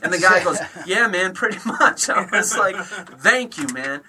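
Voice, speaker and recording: A man's voice: high voice, unhurried, far from the mic, slight background noise. A man telling stories as a podcast guest, ranting and swearing as he talks in a studio. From Detroit area. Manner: profane, animated ranting storyteller. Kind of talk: casual chat, storytelling.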